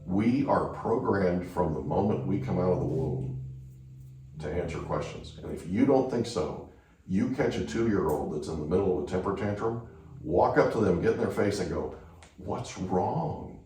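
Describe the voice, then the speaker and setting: Low-voiced man telling stories in an echoey room. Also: lively intonation, moderate pace, warm tone, recorded from a distance, slight background noise. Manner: anecdotal, keeps checking in with "right?". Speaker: podcast host. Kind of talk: casual storytelling chat.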